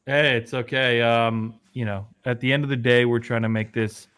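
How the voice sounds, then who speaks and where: A man co-hosting a gaming podcast in a mid-pitched voice, heard over a choppy, robotic-sounding online connection. He jokes in a dry, deadpan way and keeps a laid-back pace. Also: moderate pace, clear, resonant tone. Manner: deadpan joking, dry sarcasm. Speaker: podcast co-host. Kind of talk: casual chat about video games.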